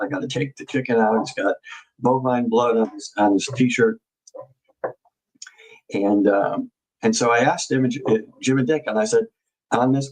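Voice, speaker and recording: A man in a casual live discussion, guiding through a map with halting speech and many fillers and restarts. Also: mid-range voice, darkish tone, breathy edge, low-quality recording.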